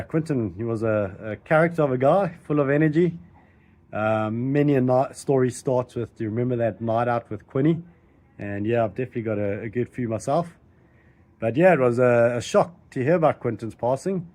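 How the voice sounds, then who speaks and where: Man with a mellow voice sending condolences. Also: mid-range voice. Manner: plain and steady, with fillers. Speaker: relative sending a recorded message. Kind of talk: recorded condolence message.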